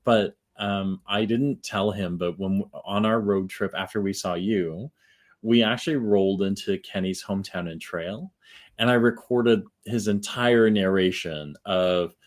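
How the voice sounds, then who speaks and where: A man's voice: lowish voice, measured pace. A man hosting a podcast, chatting casually and rambling with lots of fillers. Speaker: podcast host. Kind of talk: casual chat.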